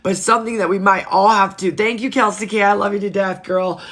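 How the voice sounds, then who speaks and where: A woman in her thirties talks into her phone on a casual livestream, her voice bright and forward. She speaks frankly and emotionally, swears freely, and greets viewers by name as they comment. Her pitch sits in the middle for a woman. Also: steady tone, a little fast. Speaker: livestream host.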